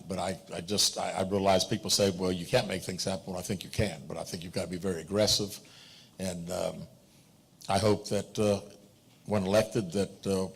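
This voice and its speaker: A man, a mayoral candidate answering a forum question in a halting way, full of fillers and restarts. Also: low voice, slightly rough.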